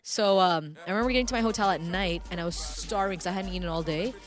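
A woman's voice: lowish voice, quick pace, over loud music. A woman from Canada telling a story in casual chat, acting out voices and swearing freely.

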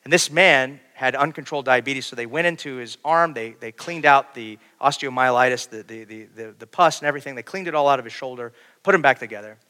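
A man preaching a sermon, shifting between quiet storytelling and loud, urgent preaching. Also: mid-range voice, fast. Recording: long hall reverb.

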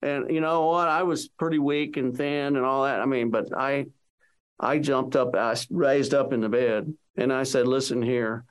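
A man's voice: medium pitch, steady tone, moderate pace, clear, resonant tone. A man as an interview guest, earnestly retelling a personal story and reliving the conversations in it.

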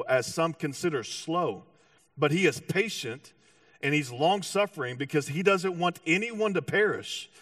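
A pastor delivers a sermon through lively storytelling, acting out different voices and frequently starting his sentences over. His pitch is fairly high, and the sound is dry with no echo but picked up from a distant mic.

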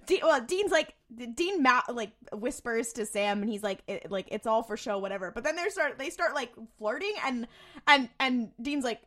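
Lively bright-voiced woman podcaster. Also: a little high, moderate pace. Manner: animated, acts out characters, laughs often. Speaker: podcast co-host. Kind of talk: casual recap chat.

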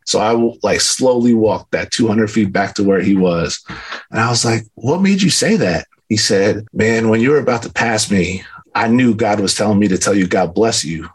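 A man in his thirties tells his faith testimony in a relaxed, conversational way. His voice is fairly low and a little husky, and he slips into quick acted-out dialogue as he goes. He sounds earnest and full of casual fillers. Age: 30s. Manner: earnest, casual, animated retelling with filler words. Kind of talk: personal testimony storytelling.

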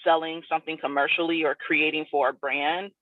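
Speaking briskly in a low, fairly even voice, this woman from South Florida is a guest artist chatting in a relaxed interview. She wanders from point to point with plenty of "like" and "you know." There's no echo, just a dry, tinny, phone-like sound.

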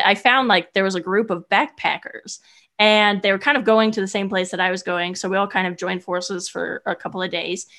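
A young adult woman, a guest and solo traveler, telling a story casually in an animated, chatty way full of "like" fillers. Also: medium pitch.

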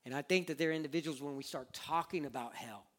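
A man in his thirties preaching a sermon with passion, moving between hushed earnest stretches and fervent, near-shouted appeals. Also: fairly high pitch, quick pace. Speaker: pastor.

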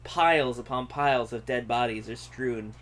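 A man's voice: mid-range voice, moderate pace, a bit bright. A man narrating an improvised comedy scene, often breaking into laughter.

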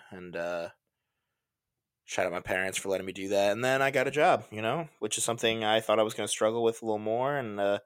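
A man in his early twenties chatting casually on a podcast, telling stories in a laid-back way with quick asides. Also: on the low side, fairly bright tone, smooth, no room sound, studio quality. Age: 20s. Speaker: podcast co-host. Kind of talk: casual chat.

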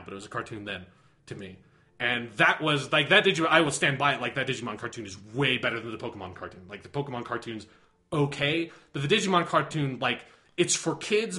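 A man's voice: mid-range voice, sharp tone. A man co-hosting a casual podcast, rambling enthusiastically with lots of swearing and constant "like". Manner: rambling, profane, enthusiastic, heavy use of "like". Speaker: podcast co-host.

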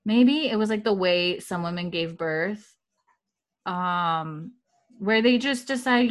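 A woman's voice: medium pitch, slow. A woman casually recapping a TV episode, chatty with lots of fillers. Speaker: podcast host recapping an episode. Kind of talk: casual chat.

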